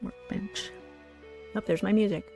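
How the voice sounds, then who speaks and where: A woman's voice: medium pitch, huge pitch swings, measured pace, gravelly, darkish tone, soft background music. A woman hosting a livestream in which she builds a puppet. She talks casually and thinks aloud, and her sentences often trail off into murmurs. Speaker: puppet builder and show host. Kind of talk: craft livestream demonstration.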